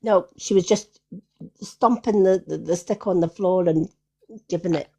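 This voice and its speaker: A woman's voice: fairly low pitch, unhurried, husky. Woman, card reader, spinning a chatty anecdote on a live stream. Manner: animated anecdote telling with repeated "I says". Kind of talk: casual storytelling on a livestream.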